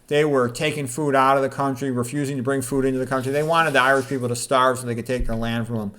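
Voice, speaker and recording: A man's voice: mid-range voice, steady tone, fast, sharp tone. Chatty doctor reading his book aloud. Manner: chatty, asks listeners "okay?" and "all right?". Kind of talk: casual book reading with spoken asides.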